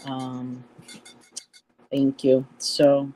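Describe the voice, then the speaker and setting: A woman's voice: very deep voice, completely flat delivery, drawn-out words, mellow, poor audio. A woman co-hosting a tarot stream, reading viewer comments aloud in an affectionate way. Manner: affectionate, calls people honey and sweetheart.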